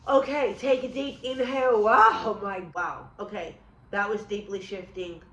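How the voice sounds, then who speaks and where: A woman with a New York accent, guiding an EFT tapping session with calm, measured affirmations for the listener to repeat. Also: mid-range voice. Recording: roomy echo.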